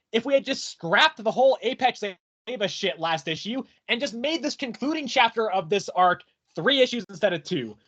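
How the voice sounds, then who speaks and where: A man's voice: very high voice, dull audio. A man co-hosting a comics podcast, ranting animatedly and swearing as he acts out quotes in casual chat. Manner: animated, profane, rants with acted-out quotes. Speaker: podcast co-host reviewing comics.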